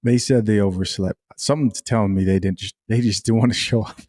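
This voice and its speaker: A man's voice: fairly low pitch, steady tone, a little fast, a little mellow. A man giving blunt, opinionated commentary as he reacts to a video and talks back to it.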